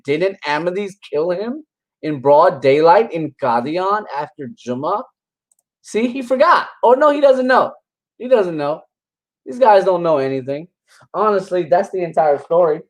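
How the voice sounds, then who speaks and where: A high-voiced religious commentator reacts to videos in a casual, combative, dismissive way. He rambles and restarts sentences, letting scoffing laughs slip between his points, and the recording quality is low.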